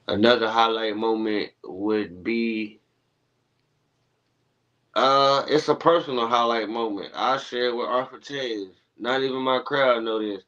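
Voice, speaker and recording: A man spins a lively story on a podcast, laughing and slipping into the voices of the people he quotes. His voice sits at a middling pitch. The stream audio is muffled and lo-fi. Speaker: guest.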